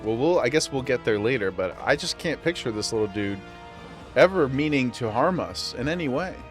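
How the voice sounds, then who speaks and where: Man, gaming streamer, casual commentary, playful, self-mocking, mid-pitched voice. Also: expressive, normal speed, soft background music.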